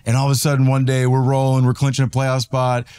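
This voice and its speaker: Relaxed young male podcast host. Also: medium pitch, fast, clear, resonant tone. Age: young adult. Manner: relaxed, laughs easily, excited when recounting. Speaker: podcast host, former ballplayer. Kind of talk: casual chat.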